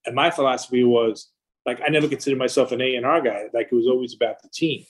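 A man's voice: mid-range voice, fairly even intonation, very fast, poor audio. A middle-aged man, a record label founder, telling long profane anecdotes in a casual interview.

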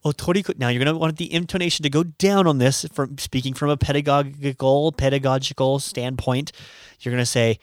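Male teacher, casual and chatty, mid pitch, dry close recording, laughs at himself. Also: steady tone, fairly quick, dry recording. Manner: chatty, laughs at his own jokes. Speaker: language teacher. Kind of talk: casual video lesson.

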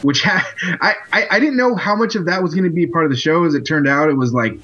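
A man hosting a casual chat podcast, halting and filled with pauses as he talks. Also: on the high side, pushed and bright, lo-fi sound. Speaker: podcast host. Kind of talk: casual chat about TV episodes.

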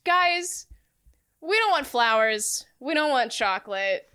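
A woman in casual chat, excitedly retelling a book's plot, laughing often and swearing freely. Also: sits high, slow, clear, resonant tone. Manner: animated, laughing storyteller who swears freely.

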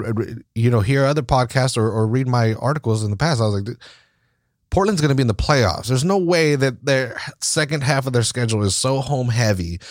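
A man's voice: medium pitch, no room sound, studio quality. A man hosting a soccer podcast, ranting casually with lots of swearing and false starts. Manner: profane, ranting, with many restarts. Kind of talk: casual sports talk.

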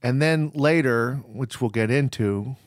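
A man's voice: mid-range voice, unhurried, no echo, clean studio sound. A man co-hosting a podcast, riffing in a sarcastic, jokey way in casual conversation. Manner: sarcastic, riffing with absurd jokes. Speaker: podcast co-host. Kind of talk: casual comedic chat.

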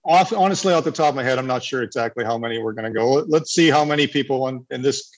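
A man's voice: medium pitch, quick pace, poor audio. A man from Canada answering questions casually in a webinar, rambling with many restarts. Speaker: eco village developer.

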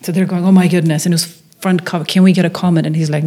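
A woman's voice: lowish voice, racing. A middle-aged woman from Norway, a filmmaker guest, telling a story in an interview and acting out the people she quotes. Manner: animated storyteller, acts out quoted voices.

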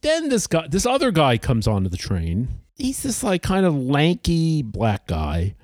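A man's voice: a little high, huge pitch swings, measured pace, darkish tone, no room sound, clean studio sound. A middle-aged man, chatting casually and acting out the people in his stories. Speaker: podcast guest. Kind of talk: casual storytelling chat.

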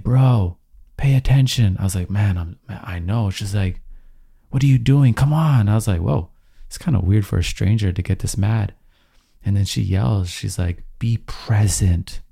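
A young man telling a story in a casual, animated vlog, full of slang and acted-out dialogue. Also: deep voice, creaky.

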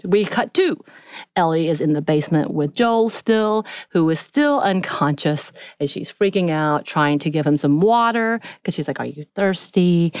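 A woman hosting a podcast, retelling a TV episode in a chatty, animated way and acting out bits of dialogue. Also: low-pitched, dry recording, studio quality. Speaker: podcast host. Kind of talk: casual episode recap.

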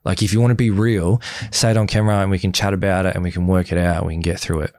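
A man's voice: low-pitched, rapid-fire, no room sound. A young man being interviewed, casually recounting events, acting out quoted dialogue and swearing often. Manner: animated retelling, acts out quoted dialogue, frequent swearing. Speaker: guest, former reality show contestant.

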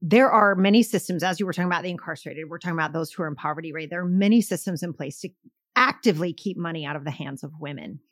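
A woman's voice: on the low side, very fast, no echo, studio quality. A middle-aged woman on a podcast, talking emphatically and telling stories with acted-out quotes. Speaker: podcast guest, sales coach. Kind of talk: podcast conversation.

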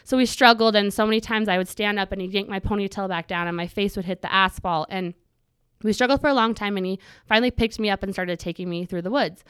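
A woman's voice: medium pitch, fast talker, a bit bright, clear, resonant tone, dry recording. A woman guest on an interview podcast telling a personal story in detail. She acts out her own past thoughts and mixes earnestness with touches of humor.

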